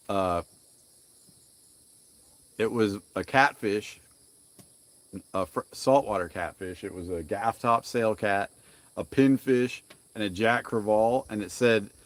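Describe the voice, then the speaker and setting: A young man hosting a casual live stream while grilling outdoors, rambling along and greeting viewers by name. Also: on the low side. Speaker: livestream cooking host.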